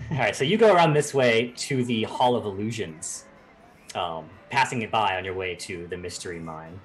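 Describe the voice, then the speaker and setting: A man running a tabletop game as game master, narrating in an animated, rambling way with lots of fillers. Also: fairly low pitch, normal speed, faint music behind.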